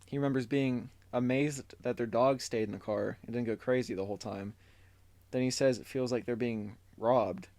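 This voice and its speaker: A man with a darkish, medium-pitched voice speaks at a normal pace with fairly even intonation. Co-hosting a podcast, he tells a story casually from his notes, full of fillers, reading quotes aloud.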